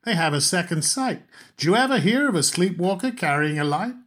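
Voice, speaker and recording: A man reading aloud, voicing a chatty, insistent American woman who loves mysteries, in a husky voice. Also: high-pitched, fairly quick, pitched above the performer's own voice. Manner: insistent, animated.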